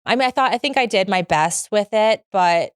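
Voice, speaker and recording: A woman's voice: medium pitch, expressive, moderate pace, smooth, no room sound, clean studio sound. A woman in her thirties telling her own story as a podcast guest, open and frank, rambling with restarts. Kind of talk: candid personal story in conversation.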